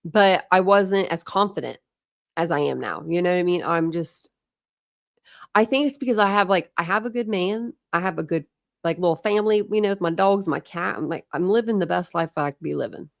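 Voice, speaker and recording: A woman in her thirties chatting casually with viewers on a livestream from home, frank and quick to laugh, thanking commenters by name. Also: fairly low pitch, vocal fry, no echo, clean studio sound. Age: 30s. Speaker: livestream host. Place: home, indoors.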